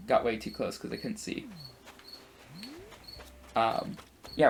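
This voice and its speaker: A man's voice: medium pitch, animated, moderate pace, vocal fry, long pauses, slight background noise. A man chatting casually while playing a game, rambling through a story with chatty asides. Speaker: gaming video creator.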